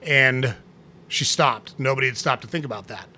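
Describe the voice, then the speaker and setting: A man hosting a casual tips talk, speaking conversationally, often checking in with "right?" and clearing his throat now and then. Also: medium pitch, normal speed, pushed and bright. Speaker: host.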